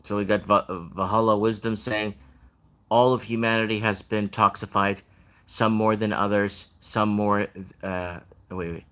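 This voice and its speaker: A man's voice: fairly low pitch, flat delivery, a little slow, bright, forceful tone. A man hosting a casual livestream, chatting loosely and reading viewer comments aloud.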